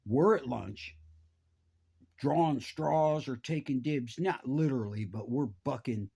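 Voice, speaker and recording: A middle-aged man, telling a profane, animated story and jumping his voice around to act out the people in it. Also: unhurried, gravelly, husky. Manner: animated, profane, acts out voices with big pitch jumps. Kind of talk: casual storytelling.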